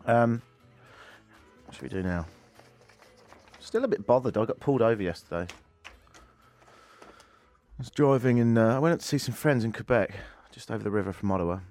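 A man's voice: lowish voice, darkish tone, no echo. A man with an English accent, hosting a radio show with joking, self-mocking banter. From England. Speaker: radio host. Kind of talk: casual radio chat. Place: radio studio. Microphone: studio microphone.

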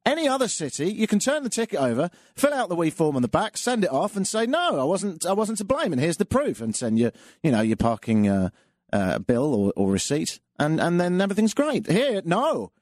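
A man's voice: high voice, very animated, fairly quick, darkish tone, dry recording. A man hosting a call-in radio show, telling stories and jokes in a dry, self-mocking way. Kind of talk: casual monologue with jokes.

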